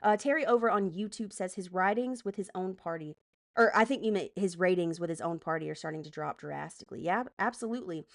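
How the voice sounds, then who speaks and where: A woman live streamer doing political commentary, heated and profane, breaking off to greet chat and direct moderators. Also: on the low side. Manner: heated, profane, rapid asides to chat and mods.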